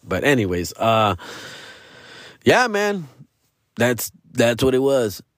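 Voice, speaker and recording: A man's voice: mid-range voice, sing-song, takes it slowly, no room sound, clean studio sound. A male comedian telling a story casually, profane and slangy, dropping into Spanish phrases.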